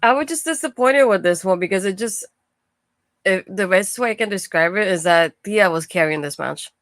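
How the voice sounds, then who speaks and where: A woman's voice: medium pitch, animated, moderate pace, a bit bright, no echo. Woman hosting a wrestling recap, chatty, laughs a lot, dry close sound. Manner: chatty, laughing, many fillers. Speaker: podcast host. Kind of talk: casual wrestling recap chat.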